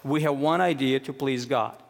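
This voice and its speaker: A man preaching a sermon in earnest, moving between hushed low stretches and raised, emphatic questions. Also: moderate pace, gravelly. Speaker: pastor. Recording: long hall reverb.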